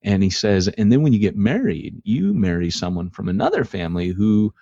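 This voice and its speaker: Low husky guy rambling on a podcast, folksy, lots of ums, muffled lo-fi sound. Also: expressive, a little fast, mellow, no echo. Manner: rambling, folksy, frequent filler words. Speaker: podcast co-host. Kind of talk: casual podcast chat. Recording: dull lo-fi podcast audio.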